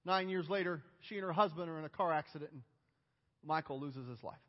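A man preaching a sermon as pastor, emphatic and building to loud outcries. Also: fairly high pitch, fairly quick. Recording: dull, reverberant church hall.

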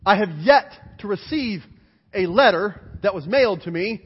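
A man preaching a sermon as pastor, animated and emphatic, driving points home with repeated lists. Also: high voice, normal speed, breathy edge. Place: church sanctuary. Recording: dull, hall-reverberant church recording.

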